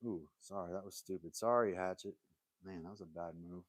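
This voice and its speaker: A man's voice: sits low, fairly even intonation, fairly quick, background noise. A man hosting a casual live stream from his workshop, joking and rambling as he talks straight to his viewers, laughing often. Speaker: livestream host. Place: home woodworking workshop.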